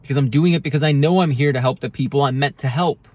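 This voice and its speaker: A man's voice: medium pitch, fast, a little mellow, no echo. A man speaking earnestly to camera in a heartfelt motivational monologue, often restarting his sentences. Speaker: self-help video creator.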